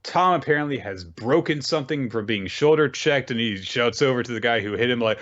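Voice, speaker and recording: Man, casual podcast host, lively storyteller with a lot of pitch movement; slightly muffled mic. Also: fairly quick, few pauses. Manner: animated storytelling, acts out characters. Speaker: podcast host recapping manga. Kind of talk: casual chat.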